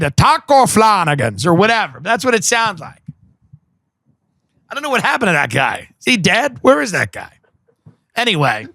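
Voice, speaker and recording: A man's voice: high-pitched, a bit bright, no echo, studio quality. A man hosting a podcast, delivering a profane, sarcastic comedic rant that mocks the people he describes. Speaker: podcast host.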